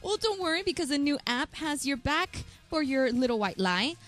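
A woman's voice: sits high, big pitch swings, moderate pace, fairly bright tone. A woman co-hosting a radio show, upbeat and giggly as she presents light news items. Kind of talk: reading news items on air.

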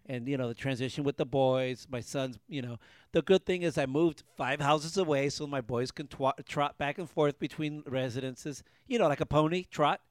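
A man's voice: mid-range voice, steady tone, normal speed, clean tone, no room sound, studio quality. A man co-hosting a casual podcast from a garage, talking in long rambling stretches full of restarts. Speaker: podcast co-host. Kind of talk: casual banter.

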